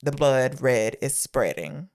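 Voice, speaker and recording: A young woman co-hosts a casual movie review podcast, retelling scenes and acting out the characters' lines. Her very deep, slightly mellow voice is slow with lively intonation.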